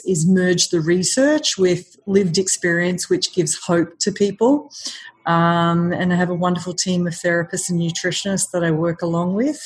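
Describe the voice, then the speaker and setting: A middle-aged woman from Australia, a podcast guest talking casually and laughing readily. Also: on the low side. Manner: warm, laughs readily, some fillers. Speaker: podcast guest, eating disorder specialist. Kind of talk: casual interview.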